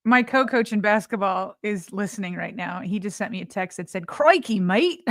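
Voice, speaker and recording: A woman co-hosting a podcast, chatting casually, teasing and quick, laughing often. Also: mid-range voice, fairly bright tone, no echo, clean studio sound. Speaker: podcast co-host. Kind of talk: casual chat.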